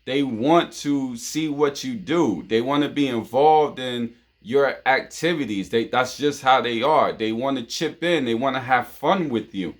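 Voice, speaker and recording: A man from New York hosts a casual monologue of relationship advice. His voice is mid-pitched, and he keeps looping back with "you know what I'm saying" and repeated phrases, the way friends talk. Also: unhurried. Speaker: show host.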